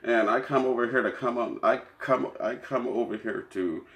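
A man's voice: mid-range voice, normal speed, fairly bright tone, reverberant. A man co-hosting a podcast, chatting casually and crudely, rambling, joking and often laughing. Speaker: podcast co-host.

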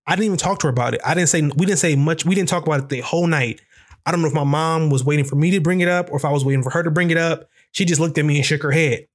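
A young man telling candid, profane stories in a rambling, casual way, full of fillers and grammar. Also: on the high side. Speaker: podcast host. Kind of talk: casual storytelling.

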